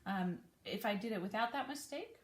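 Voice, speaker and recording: A woman's voice: mid-range voice, expressive, moderate pace. A woman giving a casual piano lesson, explaining chords plainly and correcting herself now and then. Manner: casual, friendly explaining with small self-corrections. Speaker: piano teacher. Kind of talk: relaxed spoken piano lesson. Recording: piano playing between talk.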